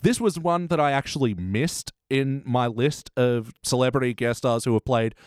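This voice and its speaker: A man hosting a casual podcast chat, animated and quick to act out quotes. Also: mid-range voice, no echo, clean studio sound. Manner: animated, quotes lines in excited voices. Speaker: podcast host.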